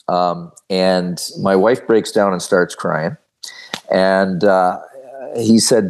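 Older male interview guest, somewhat low voice, animated folksy storyteller. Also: slow pace. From Canada. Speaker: guest, former hockey referee.

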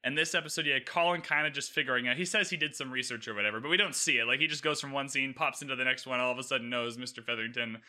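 A man co-hosting a podcast, talking casually and at length with lots of fillers and animated retellings. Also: mid-range voice, rapid-fire, few pauses. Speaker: podcast co-host reviewing a TV series. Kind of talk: casual chat.

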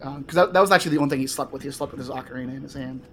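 A man's voice: medium pitch, rapid-fire, fairly bright tone. Man rambling through his turn in a tabletop game. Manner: rambling, filler-heavy. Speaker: player. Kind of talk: casual play.

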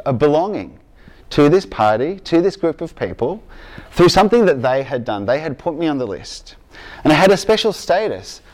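A man with an Australian accent, raised in Argentina, preaching a sermon in a casual, storytelling way that keeps checking in with the congregation. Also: a little high. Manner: conversational, checks in with "okay?" and "right?".

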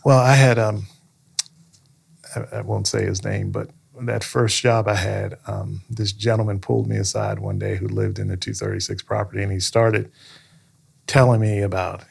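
Gravelly, husky-voiced man telling stories. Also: fairly low pitch, level tone, moderate pace. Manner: earnest, storytelling, frequent "right?" check-ins. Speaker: county manager, interview guest. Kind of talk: conversational interview answers.

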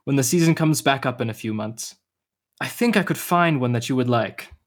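A young actor playing a tired, gentle uncle in a radio drama, patient but quick to flare. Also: male voice, mid-range voice, lively intonation, close to an everyday voice. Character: uncle Gio, weary, tender, short-tempered.

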